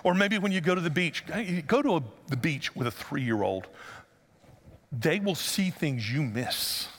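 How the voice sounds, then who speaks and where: A man preaching a sermon as pastor, conversational and joking, then rising to loud emphatic passages. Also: a little high, animated, unhurried, big-room sound.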